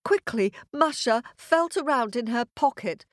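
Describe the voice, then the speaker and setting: A woman storyteller narrating a fairy tale for children, expressive and with chanted sound effects. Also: on the high side, measured pace, dry recording, clean studio sound.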